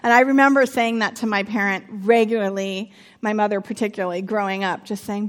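A woman's voice: mid-range voice, fairly even intonation, fast talker. A woman in her thirties teaching from the Bible in a chatty, humorous way, with personal asides.

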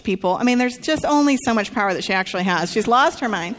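A woman preaching to a congregation, telling a story with lively acted-out quotes. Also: mid-range voice, fast talker, hardly any pauses. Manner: animated storytelling, acts out quotes. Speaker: pastor. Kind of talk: sermon dialogue.

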